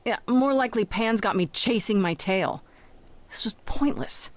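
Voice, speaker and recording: An actress voicing a determined young woman muse who speaks in a measured, patient way in voiced game dialogue. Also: a little high, no room sound, natural voice.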